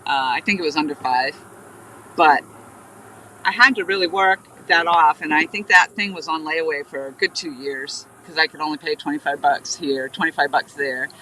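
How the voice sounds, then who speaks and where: A woman's voice: low voice, normal speed, sharp tone, a little hiss or hum, low-quality recording. A woman from New Hampshire hosting a casual live stream while fishing, rambling through stories and greeting viewers by name. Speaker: livestream host. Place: outdoors on a riverbank, fishing.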